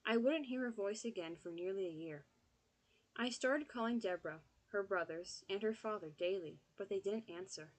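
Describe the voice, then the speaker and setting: A woman reading an audiobook in steady, scripted narration. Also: mid-range voice, moderate pace, rough recording.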